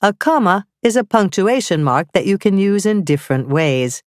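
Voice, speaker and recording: A woman narrating a scripted grammar lesson, reading slowly and carefully with clearly spelled-out examples. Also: mid-range voice, lively intonation, no echo, clean studio sound. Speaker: teacher.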